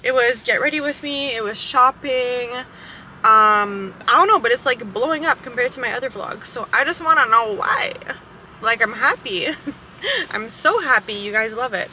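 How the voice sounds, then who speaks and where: A woman's voice: fairly high pitch, lively intonation, normal speed, bright, forceful tone, slight background noise, rough recording. Chatty young woman vlogging. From Canada. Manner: chatty, rambling, giggly, lots of "like" and "um". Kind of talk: casual vlog chat to camera. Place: car, parked.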